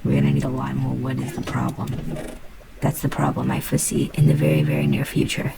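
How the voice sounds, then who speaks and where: A woman's voice: very deep voice, flat delivery, fairly quick, vocal fry, background noise. A woman casually talking through her gameplay, playful and muttering to herself, swearing now and then. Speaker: gamer.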